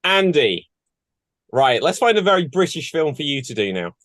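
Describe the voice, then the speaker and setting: A man's voice: on the high side, sing-song, normal speed, fairly bright tone, no echo. A man hosting an online improv game with dry, teasing remarks, over a video call. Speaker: improv host.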